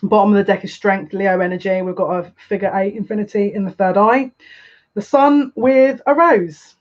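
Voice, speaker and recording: A woman giving a live tarot card reading, musing aloud in a halting way and repeating words as she searches for meaning. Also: mid-range voice, highs cut off. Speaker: psychic tarot reader.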